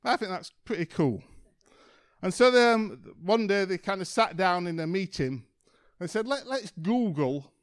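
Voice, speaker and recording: His voice is high, with lively intonation, and he talks smoothly at a normal speed. In an informal church talk, he spins a chatty story peppered with ums and kind-ofs.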